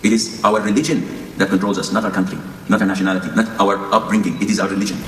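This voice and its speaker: A man preaches at a brisk clip, earnest but dropping wry jokes. His voice rings out in a reverberant hall, with faint ambient noise underneath. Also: sits low, steady tone, fairly bright tone. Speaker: Islamic preacher. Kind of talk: sermon. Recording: echoey hall.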